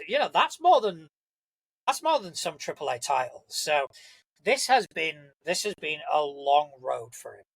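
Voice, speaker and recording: A man's voice: fairly high pitch, a bit bright, no room sound, poor audio. A young man hosting a casual solo podcast, rambling and enthusiastic, swearing freely. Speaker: podcast host.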